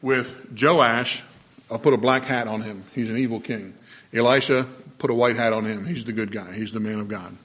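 A man's voice: mid-range voice, fairly even intonation, normal speed, fairly bright tone, husky, lo-fi sound. A man preaching a conversational sermon, explaining scripture with personal asides and the odd self-correction.

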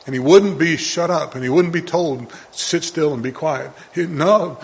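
A man's voice: fairly high pitch, moderate pace, creaky, muffled recording. A man preaching a sermon to a congregation in an earnest, conversational way, often repeating himself.

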